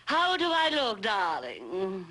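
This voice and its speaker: A woman's voice: mid-range voice, wildly swooping pitch, slow pace, heavy background noise. A woman playing a vain, theatrical stage actress who calls everyone darling, in an old comedy radio play. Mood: grandiose.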